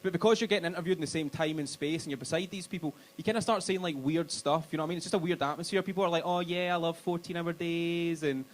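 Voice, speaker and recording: Young man, Glaswegian accent, stand-up comic, crude, crowd work, slightly high voice, club stage mic. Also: rapid-fire, hardly any pauses. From Scotland. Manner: crude, crowd-working, self-mocking. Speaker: stand-up comedian. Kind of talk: stand-up comedy set.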